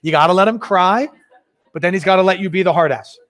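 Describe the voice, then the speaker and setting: Animated male sales workshop presenter. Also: high-pitched, fast. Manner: energetic, conversational, acts out sales dialogues. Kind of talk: live workshop teaching.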